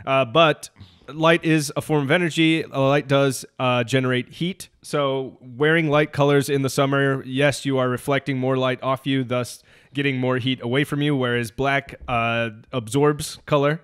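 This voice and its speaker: A male podcast co-host with an ordinary mid-pitched voice. He tells long, chatty stories and walks listeners through his explanations. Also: little pitch movement, normal speed, a bit bright, clear, resonant tone. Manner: chatty storyteller, explains things at length. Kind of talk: casual chat over beers.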